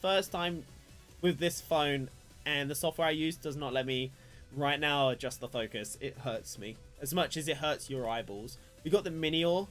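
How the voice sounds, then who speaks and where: A young man with a medium-pitched, fairly bright voice talks at normal speed to his live-stream viewers while opening trading cards. His commentary is casual, rambling and self-deprecating, with faint music playing in the background.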